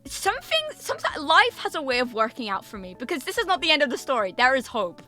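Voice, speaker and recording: A woman streamer telling a story in a casual chat, animated and emphatic, swearing freely and repeating herself. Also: sits high, fast, soft background music. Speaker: VTuber streamer.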